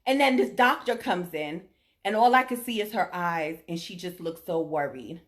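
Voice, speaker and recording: A woman's voice: lowish voice, animated, normal speed. A middle-aged woman telling a personal story to her audience, emphatic and often checking in with her listeners. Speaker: vlogger sharing her diagnosis story.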